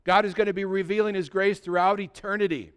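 A man's voice: high-pitched, steady tone, quick pace, fairly bright tone, clear, resonant tone. A male pastor delivering an earnest sermon, exhorting his congregation directly.

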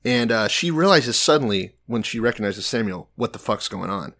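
A man's voice: fairly low pitch, expressive, moderate pace, a bit bright. A man co-hosting a casual chat, retelling a story in a laid-back, profane way. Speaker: podcast co-host.

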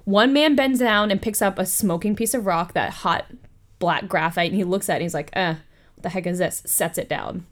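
A woman hosting a podcast. She retells a story in a casual, animated way, with profane asides. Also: mid-range voice, moderate pace. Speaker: podcast host.

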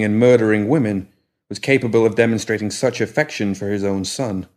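A man narrating a fantasy story in a measured, dramatic reading. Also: on the low side. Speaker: narrator and host. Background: music at the outro.

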